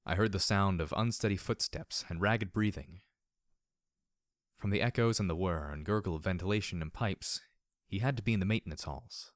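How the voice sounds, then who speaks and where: A man's voice: low voice, normal speed, dry recording. A man reading first-person fiction aloud as an audiobook narrator, reflective with a dry, sardonic edge.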